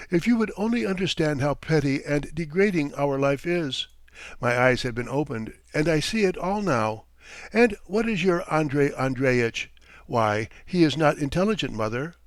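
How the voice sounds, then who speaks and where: A man's voice: on the high side, dry recording. A man reading an audiobook, voicing a distressed young woman who pleads through tears to be let go from her engagement. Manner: pleading, tearful, urgent. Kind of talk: audiobook character voice.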